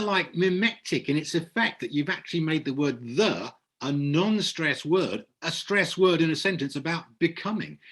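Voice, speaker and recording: A man hosts a poetry reading, gushing with praise for each poet. His voice is husky and slightly breathy, and his pitch swings widely as he enthuses. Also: a bit bright. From Kent, England. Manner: effusive, full of praise. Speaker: host.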